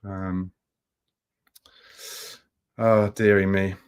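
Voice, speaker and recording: A man hosting a football livestream, speaking in a somber, halting way with many restarts as he reads and answers viewer comments. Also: sits low, little pitch movement, clean tone. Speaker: football channel host. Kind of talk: live-stream chat reading viewer comments.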